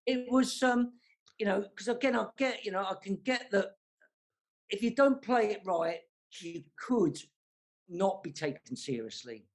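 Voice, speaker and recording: A man's voice: high voice, animated, unhurried. A man from south London with a London accent, a chatty and frank guest in a casual panel discussion.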